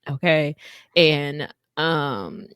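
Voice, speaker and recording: Brief: woman podcast co-host, lower voice, dry close mic, animated gossip recap. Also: very slow, smooth, no echo. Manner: animated storytelling, acts out voices of people she quotes. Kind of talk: casual chat recapping a reality show.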